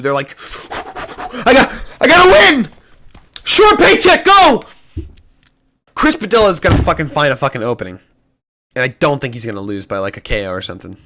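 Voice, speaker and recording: A young man casually talking through fight predictions, cursing often and changing his mind out loud. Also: a little high. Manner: indecisive, swears often, flips picks. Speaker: MMA prediction YouTuber. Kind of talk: casual solo prediction talk.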